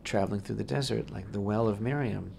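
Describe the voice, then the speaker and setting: A man with a low, gravelly voice leads a radio discussion of scripture, building long, wordy sentences and leaning hard on key phrases. He often circles back and repeats himself as he works toward a point. A faint hiss sits under the recording. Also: fairly quick, a little mellow. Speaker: rabbi co-host. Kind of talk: Torah discussion on talk radio.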